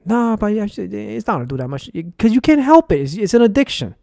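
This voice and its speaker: A man's voice: sits high, very animated, quick pace, creaky, a little mellow, no room sound, clean studio sound. A young man from New York ranting in a rambling, profane, heated monologue to his viewers. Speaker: vlogger. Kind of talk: casual conspiracy rant.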